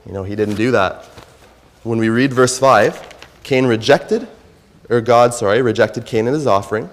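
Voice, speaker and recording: A man giving a Bible lesson to children at a church, speaking conversationally, asking them questions and reading verses slowly. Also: mid-range voice, in a large hall.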